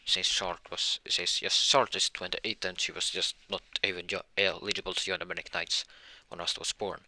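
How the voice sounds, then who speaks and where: Rambling storyteller man, very low and very bright, dry sound. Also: little pitch movement, a little fast, dry recording. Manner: rambling, frequent self-corrections. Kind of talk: improvised fan-fiction narration.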